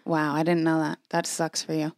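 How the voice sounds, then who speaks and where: A woman's voice: deep voice, completely flat delivery, normal speed, no room sound, clean studio sound. A young woman co-hosting a podcast, telling stories in casual chat with fillers and lots of swearing. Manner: swears a lot, storytelling with fillers. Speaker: podcast co-host.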